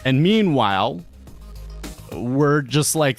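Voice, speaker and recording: Man in his thirties, lowish voice, loose rambling stream talk with faint music underneath. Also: measured pace, no room sound. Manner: rambling, many restarts and fillers. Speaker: day trading streamer. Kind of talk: casual live-stream monologue.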